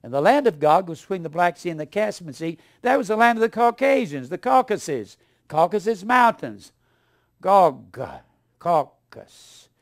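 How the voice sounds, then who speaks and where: An older man preaching a fiery sermon, scornful and ranting, swinging from low mutters to loud outbursts. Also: big pitch swings, brisk.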